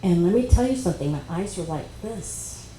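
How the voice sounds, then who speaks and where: A woman speaking at a spiritual workshop, telling a personal story in a conversational, animated way. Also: on the low side, a little fast. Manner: animated, conversational, with quoted dialogue. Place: expo workshop room. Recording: echoey room with faint noise.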